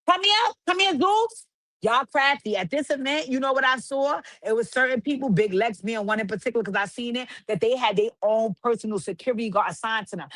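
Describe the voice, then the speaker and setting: A woman's voice: mid-range voice, fairly bright tone, no room sound. A woman hosting a livestream, recapping reality TV in casual, profane chat with sing-song refrains. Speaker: livestream host.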